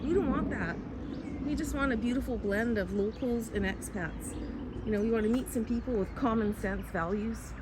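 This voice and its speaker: A woman's voice: on the high side, normal speed. Chatty woman on a noisy outdoor walk. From Canada. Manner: chatty, rambling, fond of fillers. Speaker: vlogger. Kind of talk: casual chat while walking. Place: outdoors on a neighborhood road. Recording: loud outdoor background noise.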